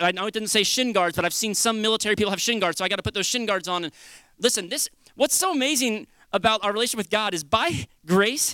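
A male preacher giving an earnest, conversational sermon with dramatic shifts between loud and quiet. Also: sits high, clean tone, no room sound.

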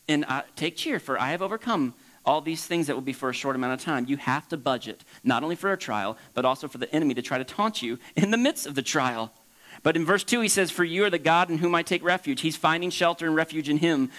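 A man from Florida preaching as a pastor, leaping up high for emphasis and dropping to a soft hush for reflection. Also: lively intonation, brisk, rough recording. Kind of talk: sermon.

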